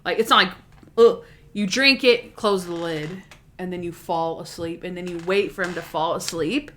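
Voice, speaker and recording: A woman co-hosting a podcast, talking in an animated, rambling way with restarts and quoted asides. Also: fairly low pitch, normal speed, a little hiss or hum. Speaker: podcast co-host. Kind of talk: casual chat.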